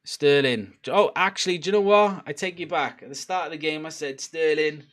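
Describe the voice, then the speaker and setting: Laughing, cursing and cheering the players on, a young football watchalong streamer gives a chatty live reaction to a match. He speaks briskly in a slightly bright voice that sits on the high side.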